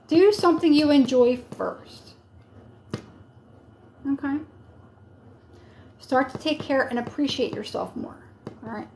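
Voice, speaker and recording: A woman with a high voice gives a live tarot reading. She talks casually and rambles a little, warmly urging her listeners on. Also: creaky, a little hiss or hum. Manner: casual, encouraging, rambling with many fillers. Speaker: tarot reader.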